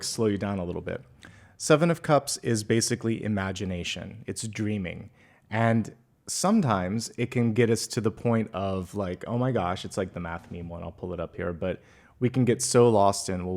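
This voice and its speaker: A man who works as a tarot reader and medium, giving an earnest, gently encouraging monthly forecast with pauses and fillers. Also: on the low side.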